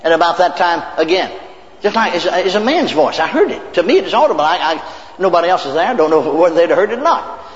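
A man's voice: high-pitched, very animated, fast talker. An older man preacher telling stories in a folksy sermon, often repeating words and laughing, in a church hall on a dull lo-fi recording. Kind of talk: sermon storytelling. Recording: echoey hall, dull lo-fi tape.

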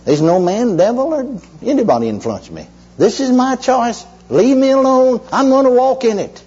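A man acting out a weeping, trembling grown man who refuses to change, speaking in a high, quavering, tearful voice. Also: wildly swooping pitch, fairly quick, mellow, slightly rough, dull audio, heavily acted. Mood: tearful, stubborn.

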